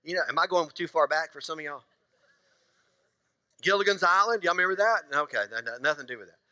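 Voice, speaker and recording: Pastor, male; high, bright voice; playful sermon delivery that quizzes the congregation. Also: animated, fast. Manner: joking, conversational, asks the congregation questions. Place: church sanctuary.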